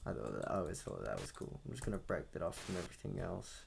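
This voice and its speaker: A young audio engineer with a deep, creaky voice talks fast and very animatedly while mixing a song, with loud guitar music playing in the background. He mutters and thinks aloud in a casual talk-through as he works, poking fun at himself along the way.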